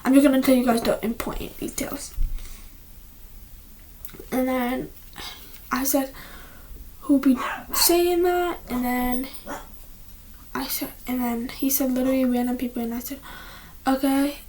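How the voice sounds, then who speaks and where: A woman's voice: high-pitched, little pitch movement, a little slow, pauses often, a little mellow, slight background noise. A teenage girl chatting casually at home, rambling with many restarts and often dropping to a whisper. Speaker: vlogger. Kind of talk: casual chat. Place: at home, indoors.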